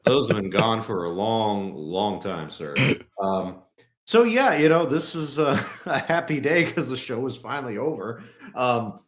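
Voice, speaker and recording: A man's voice: medium pitch, lively intonation, a little slow, roomy sound. A man from Texas co-hosting a casual podcast, rambling with many restarts and fillers. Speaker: podcast co-host.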